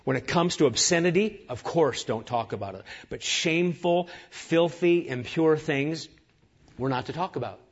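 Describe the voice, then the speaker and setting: A man's voice: fairly high pitch, normal speed, dull audio. A man preaching a sermon as pastor, earnest and emphatic, piling up lists of words.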